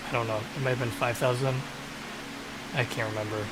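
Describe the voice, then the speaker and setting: Rambling man streaming over loud hiss. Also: medium pitch, steady tone, fairly quick. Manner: rambling, offhand, self-mocking. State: has the hiccups. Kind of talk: casual live-stream talk. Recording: loud hiss and air conditioning.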